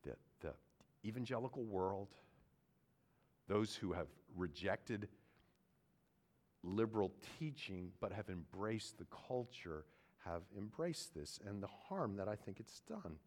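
A man preaching a sermon, earnest, moving from quiet reflection to loud, emphatic points. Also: on the low side, animated, measured pace, long pauses. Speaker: pastor.

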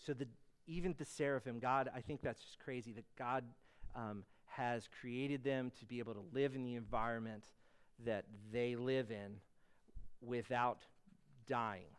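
A man's voice: mid-range voice, fairly even intonation, measured pace, clean tone. A man preaching a sermon in an earnest teaching manner, with casual asides and fillers, rising to emphatic bursts on key words. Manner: frequent fillers and restarts, conversational asides.

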